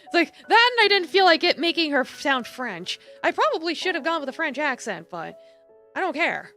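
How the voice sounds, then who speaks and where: A woman's voice: high voice, sing-song, normal speed, sharp tone, faint music behind. A young woman streamer chatting and joking through a game, rambling with lots of fillers. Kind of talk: live game commentary.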